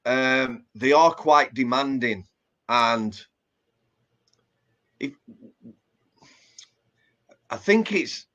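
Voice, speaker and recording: A man's voice: mid-range voice, extremely slow, long pauses, sharp tone, highs cut off. A man with a Yorkshire accent, a former prison officer chatting plainly in an interview, full of fillers and restarts. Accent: Yorkshire English. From Yorkshire, England. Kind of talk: casual interview chat.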